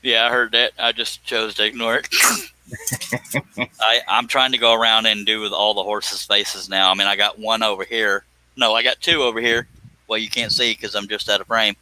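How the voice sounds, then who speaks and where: A man's voice: lowish voice, flat delivery, normal speed, pushed and bright, clear, resonant tone, no echo, rough recording. A man hosting a casual live stream while he works, rambling and joking in a folksy way. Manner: rambling, folksy, jokey, exclaims "by God". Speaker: livestream host, scroll saw pattern designer.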